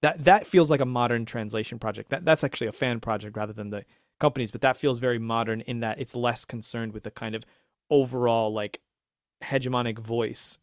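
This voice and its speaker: A man co-hosting a casual podcast discussion, talking in an animated, rambling way with restarts and laughs. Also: mid-range voice, no echo, studio quality. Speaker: podcast co-host.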